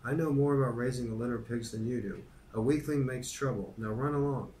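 A man's voice: medium pitch, a little fast, warm tone, roomy sound, slight background noise, pitched above the performer's own voice, natural voice, low-quality recording. A man reading a stern, loving farmer father.

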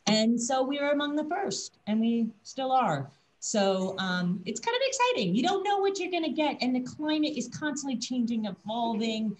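A woman's voice: sits high, animated, normal speed, a little mellow, slight background noise, poor audio. A woman from a winery presenting a wine tasting over a video call, explaining grapes and vintages enthusiastically. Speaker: winery representative.

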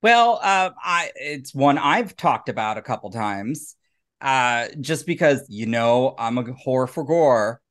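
A man co-hosting a podcast in casual chat, self-mocking and quick to laugh. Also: medium pitch, lively intonation, fairly bright tone. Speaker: podcast co-host.

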